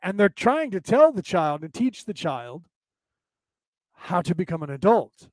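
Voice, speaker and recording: A man's voice: high voice, very animated, measured pace, darkish tone, no echo. A man hosting a casual spiritual talk show, rambling, repeating himself and often asking "right?" as he reads comments from his listeners. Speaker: podcast host.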